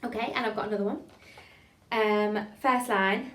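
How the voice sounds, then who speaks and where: A woman leading an online voice warm-up lesson, encouraging her students and modeling each phrase slowly and clearly. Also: mid-range voice, fairly even intonation, reverberant. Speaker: voice and drama teacher.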